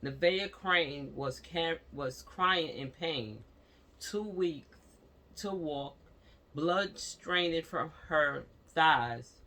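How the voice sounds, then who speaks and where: A woman's voice: sits low, very slow, a bit bright. A woman vlogger at home, giving impassioned casual commentary on a news story and speaking straight to her viewers with repeated fillers.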